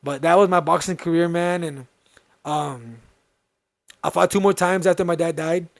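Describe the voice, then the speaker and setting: A man tells a story in a casual podcast. His voice sits a little high for a man, and he acts out the dialogue with lively shifts. The sound is dry and close. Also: normal speed, creaky, no room sound. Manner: animated, acts out quoted dialogue. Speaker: podcast host.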